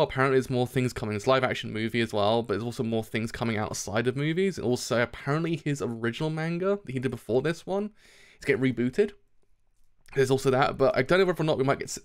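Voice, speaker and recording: A young man at a home streaming setup, reacting live to a manga with loud enthusiasm. He swears a lot and breaks into laughter often, in a mid-pitched voice of ordinary range. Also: smooth.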